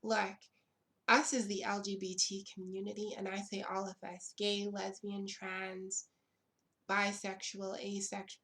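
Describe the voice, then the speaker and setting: Slow, emphatic trans woman vlogger. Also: medium pitch, completely flat delivery, fairly bright tone. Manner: emphatic, repeats lines for effect, blunt and profane. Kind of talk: impassioned direct-to-camera commentary.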